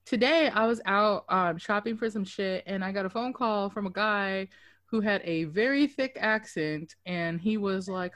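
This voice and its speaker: A woman's voice: mid-range voice, moderate pace, no echo, clean studio sound. A woman co-hosting a casual podcast, swearing freely and acting out the people in her stories. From Dallas–Fort Worth area, Texas. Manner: profane, animated storyteller who acts out quotes. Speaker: podcast co-host. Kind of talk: casual chat.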